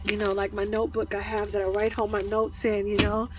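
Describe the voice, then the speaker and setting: A woman's voice: mid-range voice, completely flat delivery, a little fast, slight background noise. A woman earnestly telling a personal spiritual story to her followers, emotional and repeating herself as she goes. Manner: earnest, repetitive, often restarts sentences; emotional, near tears at times. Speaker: spiritual speaker.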